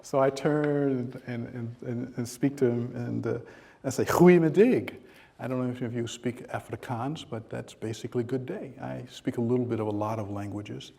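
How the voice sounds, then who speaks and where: A man giving a keynote lecture, telling a humorous story to an audience in a lecture room. He acts out dialogue with lively, rising pitch and pokes fun at himself, with frequent fillers. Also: moderate pace, creaky. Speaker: keynote speaker.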